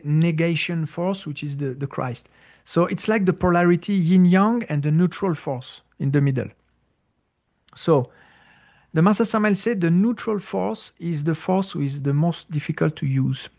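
A man answering a listener's question in a casual talk, halting and searching for words with many restarts. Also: fairly high pitch, a little mellow. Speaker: spiritual teacher answering questions. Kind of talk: casual spoken Q&A.

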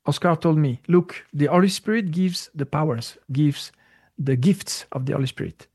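Interviewee, male, gravelly voice pitched a bit high, halting storyteller with many fillers. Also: a little mellow. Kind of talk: casual spiritual storytelling.

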